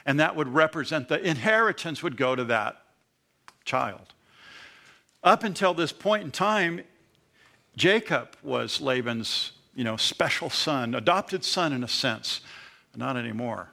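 A man's voice: mid-range voice, lively intonation, unhurried, gravelly, sharp tone. A man preaching an expository sermon in an earnest, conversational way, with sudden emphatic rises.

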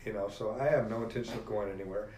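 A middle-aged man telling stories as a podcast guest, in an animated, emphatic way. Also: on the low side, fast. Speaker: podcast guest, jiu-jitsu black belt. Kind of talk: casual storytelling conversation. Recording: echoey room with faint ambient noise.

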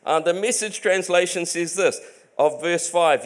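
A man's voice: sits high, measured pace. A man preaching a sermon in an earnest, emphatic way, often restarting his sentences.

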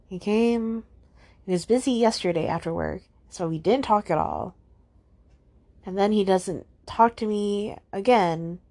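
A tearful young woman talks slowly into a close mic with a gravelly, lowish voice. She sighs a lot and trails off, circling back on herself in halting phrases. The sound is dry. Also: a little mellow, no echo. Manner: sighing, halting, repeats herself. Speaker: podcast host. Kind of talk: solo podcast venting.

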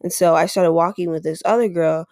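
Gravelly-voiced woman telling a rambling storytime. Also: on the low side, fairly even intonation, brisk, a little mellow, no room sound, clean studio sound. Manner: rambling, heavy use of "like", acts out quoted dialogue. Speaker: podcast host. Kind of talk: casual storytime monologue.

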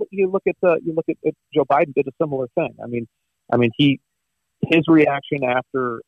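Man on a dull remote line, halting. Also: mid-range voice, no echo. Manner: halting, many restarts and fillers, earnest. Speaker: guest media commentator. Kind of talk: conversational political talk.

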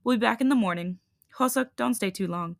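A woman reading a tired but firm young male hybrid leader in a calm, steady voice. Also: fairly high pitch, fairly quick, creaky, no echo, clean studio sound.

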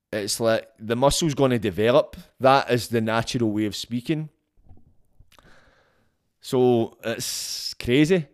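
A man of ordinary pitch talks alone into a podcast mic, casual and unscripted. He speaks bluntly and frankly and swears freely as he goes. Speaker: podcast host. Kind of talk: casual solo podcast monologue.

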